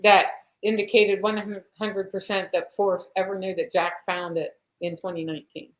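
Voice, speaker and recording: A woman's voice: mid-range voice, level tone, moderate pace, low-quality recording. A woman guest on a casual online chat who answers briefly and mostly agrees with what the hosts say. Her voice sits in a middle range.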